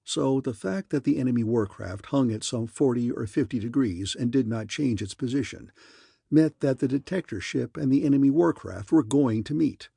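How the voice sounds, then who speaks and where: Brief: male narrator reading classic sci-fi, husky and dry, close to the mic. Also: mid-range voice, normal speed, dry recording. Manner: steady storytelling. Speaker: audiobook narrator. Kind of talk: scripted narration.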